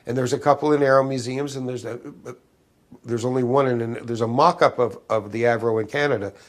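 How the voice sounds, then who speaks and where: A man's voice: medium pitch, fairly even intonation. A man of seventy, an interview guest, recalling old secrets in a rambling way, with frequent restarts and fillers. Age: 70s. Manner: halting, many restarts and fillers, conspiratorial tone.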